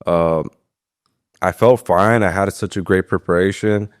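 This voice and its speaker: A man's voice: sits low, fairly even intonation, unhurried, clear, resonant tone. A young man, a fighter, telling his story in a casual interview, rambling with lots of fillers and swearing freely. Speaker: guest, professional MMA fighter.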